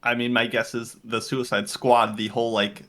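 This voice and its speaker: A man's voice: mid-range voice, flat delivery, moderate pace, a bit bright. A man co-hosting a podcast, chatting casually in an upbeat, easygoing way. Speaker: podcast co-host. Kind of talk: casual chat.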